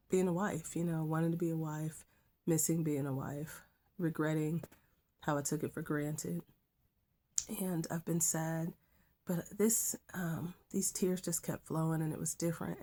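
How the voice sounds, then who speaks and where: A middle-aged woman teacher sharing a personal faith testimony in a soft, halting way that drops to a whisper at times. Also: deep voice. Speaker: schoolteacher.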